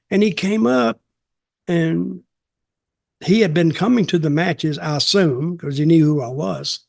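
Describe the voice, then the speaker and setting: A man's voice: a little high, creaky, a little mellow, no room sound, clean studio sound. An older man hosting a podcast, telling a casual story in a rambling, blunt and profane way.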